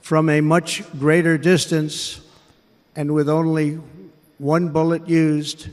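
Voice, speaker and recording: An American man in his seventies giving a speech to a rally crowd in a large indoor arena, measured and emphatic, repeating his phrases. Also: a little high, little pitch movement. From United States. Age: 70s. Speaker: political candidate. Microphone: podium microphone. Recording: echoey arena with crowd noise.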